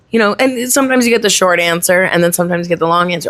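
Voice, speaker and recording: A woman's voice: lowish voice, fairly even intonation, racing, few pauses, fairly bright tone. A woman hosting a casual podcast chat, playful and often laughing. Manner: giggly, playful, says "like" a lot. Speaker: podcast host.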